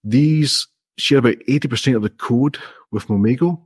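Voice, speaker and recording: A man's voice: mid-range voice, normal speed, husky, dry recording, clean studio sound. A man, an indie app developer, explaining his approach step by step in a friendly, modest way during a casual interview.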